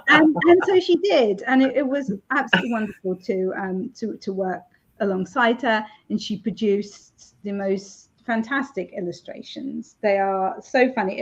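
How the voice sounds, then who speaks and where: A woman author chatting in an interview, laughing often and filling pauses with ums. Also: mid-range voice. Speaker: romance author, interview guest. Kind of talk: casual interview chat. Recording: dull lo-fi sound.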